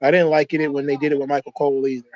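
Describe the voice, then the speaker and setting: A man's voice: on the high side, level tone, racing, a little mellow, dry recording. Loose, swearing man in muffled sound. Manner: loose, profane, rambling. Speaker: host of a wrestling watch-along. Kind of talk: casual commentary.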